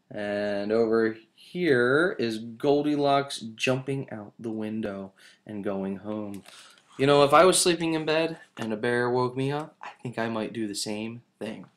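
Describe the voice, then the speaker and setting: A man teaching kindergarten, reading stories and rhymes aloud to young children in a gentle, encouraging way. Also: mid-range voice. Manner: gentle, encouraging, slow and expressive.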